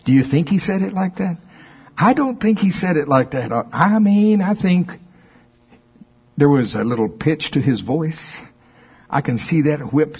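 Husky man preaching with animated storytelling. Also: a little high, a little slow, highs cut off. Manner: animated storytelling, acts out quotes with rising voice. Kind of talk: sermon.

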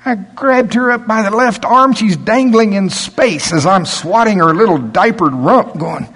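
An older man preaching a sermon, folksy storytelling, dropping to low asides and rising to loud, emphatic preaching. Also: measured pace. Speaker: pastor.

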